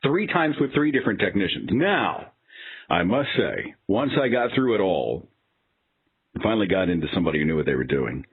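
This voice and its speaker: Animated low-voiced male podcast host. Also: brisk, husky, narrow, tinny audio. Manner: animated, exasperated anecdotal storytelling. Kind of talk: casual storytelling monologue.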